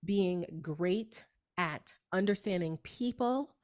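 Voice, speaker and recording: A woman in her thirties from New York with a New York accent, a beauty industry coach telling lively stories in a podcast interview. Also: fairly low pitch, takes it slowly. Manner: animated storyteller, acts out voices.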